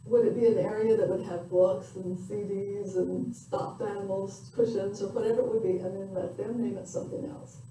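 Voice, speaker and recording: An older woman giving a parenting lecture in a reflective, conversational way, pausing with fillers. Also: mid-range voice, steady tone, mellow. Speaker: parenting educator. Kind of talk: recorded lecture. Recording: echoey room from far off with faint noise.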